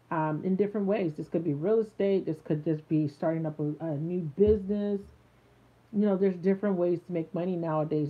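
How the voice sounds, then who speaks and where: Low woman's voice, live tarot reading, chatty with fillers, tinny phone-like sound. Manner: chatty, many fillers, talks to live viewers. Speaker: tarot reader. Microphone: phone a little way off.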